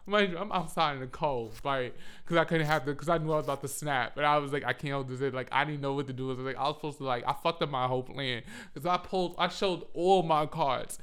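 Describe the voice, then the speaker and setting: A man's voice: medium pitch, fast, fairly bright tone, clear, resonant tone. A man telling a rambling, profane story in a casual monologue on a handheld mic.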